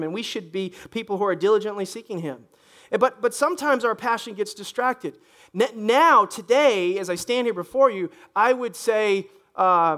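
A middle-aged male pastor preaching from the pulpit, his voice sitting notably high for a man. He talks in a loose, animated, conversational way, tripping over his own words and throwing asides to the congregation. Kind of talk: sermon.

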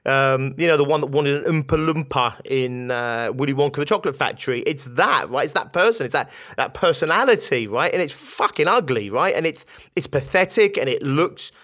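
A man hosting a podcast, telling an animated story off the cuff and tagging his sentences with a questioning "right?". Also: mid-range voice, brisk. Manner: animated, tags lines with "right?", swears casually. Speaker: podcast host. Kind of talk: casual storytelling monologue.

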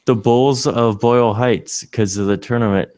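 A man's voice: mid-range voice, fairly even intonation, moderate pace, a little mellow, no room sound. A man co-hosting a podcast from a hotel room, chatting casually in a joking, offhand way. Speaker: podcast co-host. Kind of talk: casual chat.

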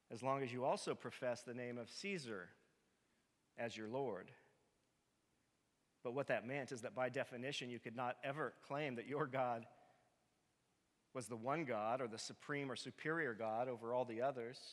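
A man's voice: medium pitch, fairly bright tone. A male pastor preaching a sermon, emphatic and direct, often asking his listeners rhetorical questions. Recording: long reverb of a large hall.

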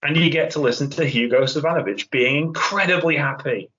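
A man's voice: a little high, brisk, sharp tone. Chatty man hosting a podcast. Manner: chatty, wry, rambling asides. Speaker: podcast host. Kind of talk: casual chat. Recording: dull lo-fi podcast audio.

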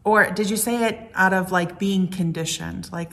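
A woman pastor giving a gentle, reflective sermon, asking the congregation many questions. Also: medium pitch, fairly even intonation, moderate pace, creaky, hardly any pauses.

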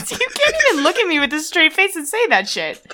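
Bright, giggly woman co-host. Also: high voice, huge pitch swings. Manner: giggly, quick to laugh, teasing. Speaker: podcast co-host. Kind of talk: casual comedic chat.

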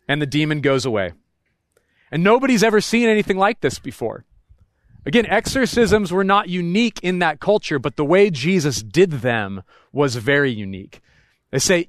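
A man's voice: sits high, sing-song, normal speed, no echo, clean studio sound. A male pastor preaching a conversational sermon. He is casual, slangy and emphatic, and often checks in with the congregation with "right?".

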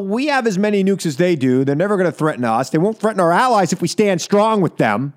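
A man hosting a political talk radio show, delivering an indignant, emphatic monologue with lots of repetition. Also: high-pitched. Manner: indignant, emphatic, repeats for effect.

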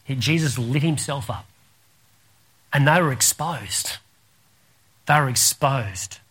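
Bright-voiced Australian pastor preaching. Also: male voice, medium pitch, slow pace, slightly rough. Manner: animated storyteller, laughs through anecdotes. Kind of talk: sermon with storytelling.

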